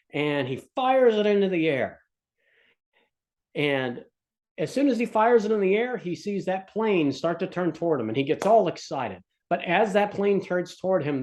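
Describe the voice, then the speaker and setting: A male economics instructor talks through a lesson in a recorded lecture. He explains casually, slipping in jokes and telling a story. His voice sits a bit high for a man.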